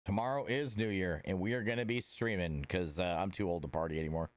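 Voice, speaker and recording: Rambling man, smooth and dry. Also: low-pitched, quick pace, no echo. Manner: rambling, with many filler words and restarts; laid-back and friendly, greeting viewers by name. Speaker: livestreamer. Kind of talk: casual livestream chat with viewers.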